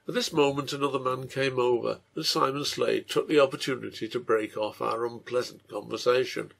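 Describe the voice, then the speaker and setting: Gravelly man reading a serial story. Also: medium pitch, steady tone, a little fast, hardly any pauses, fairly bright tone. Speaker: reader and translator.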